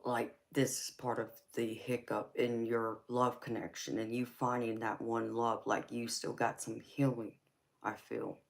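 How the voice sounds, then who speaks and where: A woman's voice: a bass voice, level tone, a little slow, gravelly. A woman giving a live tarot reading, speaking in an emotional, intimate way and calling the client "baby". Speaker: tarot reader.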